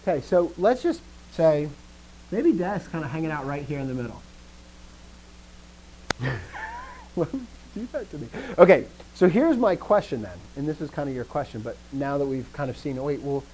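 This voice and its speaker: A man teaching a live grammar lesson, explaining step by step, often answering students with quick affirmations and dry joking asides. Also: a little high, dark tone, slight background noise, low-quality recording. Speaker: language teacher.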